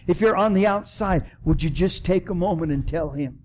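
A man preaching a sermon in church as pastor, swinging from loud emphatic preaching to soft, prayerful appeals. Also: on the high side, moderate pace, few pauses, slight background noise.

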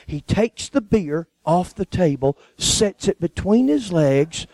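A man's voice: high voice, big pitch swings, normal speed, few pauses, darkish tone, dry recording, low-quality recording. A man preaching, telling a personal story and acting out the people in it. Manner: folksy storyteller acting out quoted voices. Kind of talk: sermon testimony storytelling.

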